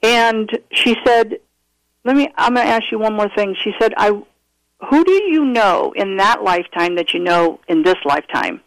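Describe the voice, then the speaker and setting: A man calling in to tell a personal story, earnest and animated, often restarting his sentences. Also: high-pitched, moderate pace, no echo, poor audio. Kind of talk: casual storytelling interview.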